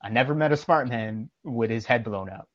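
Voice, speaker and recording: A man's voice: medium pitch, moderate pace, dry recording, lo-fi sound. A man co-hosting a casual podcast, telling anecdotes with emphatic, preachy conviction. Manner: emphatic, preachy, tells anecdotes with quoted dialogue. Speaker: podcast co-host.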